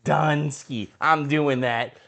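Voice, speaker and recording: A man co-hosting a studio podcast has a slightly high, creaky voice and takes his time. Even so, he's an animated storyteller in casual chat, acting out quotes and laughing often.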